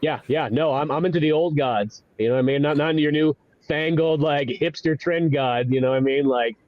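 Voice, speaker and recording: A man's voice: a little high, fairly quick, no echo, highs cut off. A man hosting a casual podcast chat, talking in a profane, laughing way and slipping into goofy voices. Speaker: podcast host.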